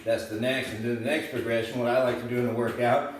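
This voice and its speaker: A fast-talking fitness coach with a mid-range, fairly flat voice leads a home workout, casual and encouraging, thinking aloud and slightly out of breath as he demonstrates each move while moving around indoors before the camera. His camera mic sits at a distance, so he's off-mic in a very echoey room with a little hiss or hum.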